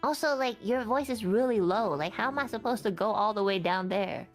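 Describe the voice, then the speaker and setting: A woman's voice: mid-range voice, fairly quick, faint music behind. A woman from Canada chatting on a stream collab, rambling and earnest, full of "like". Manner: rambling, lots of likes, earnest. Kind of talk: casual stream chat.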